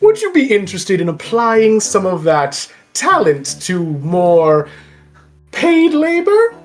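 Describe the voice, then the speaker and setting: A woman's voice: on the high side, huge pitch swings, slow pace, faint music behind, voice pushed up, heavily acted. A woman voicing a flamboyant, pompous older man bard who talks in a grandiose, florid, theatrical way. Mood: persuasive.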